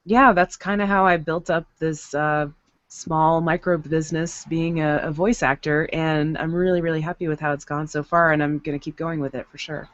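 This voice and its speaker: A woman guest in casual chat about her voice-acting work, bubbly and quick to laugh, heard over a video call. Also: low-pitched, steady tone, dry recording. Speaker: podcast guest, voice actor. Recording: dull lo-fi video call audio.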